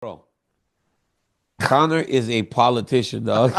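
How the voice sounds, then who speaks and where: A man's voice: mid-range voice, a little slow, vocal fry. A man co-hosting a podcast, teasing and incredulous in casual chat. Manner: teasing, incredulous, says bro a lot. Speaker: podcast co-host.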